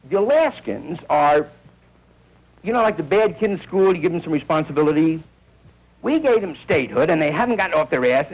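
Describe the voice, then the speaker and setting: Animated stand-up comedian man, lively pitch. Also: poor audio. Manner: rambling storyteller, acts out bits of dialogue.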